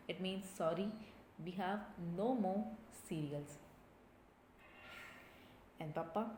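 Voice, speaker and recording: A woman's voice: on the low side, slow, pauses often, dark tone. A woman teaching a recorded French lesson, reading dialogue lines and then translating each one into English. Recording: echoey room, faint ambient noise.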